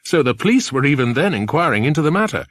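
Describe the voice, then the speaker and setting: A man voicing a cheerful, confident grown man who tells his tale briskly, in an audiobook. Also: mid-range voice, very animated, fairly bright tone, no echo, pitched above the performer's own voice. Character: cheerful, confident adult man, kindly friend. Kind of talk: audiobook character voice.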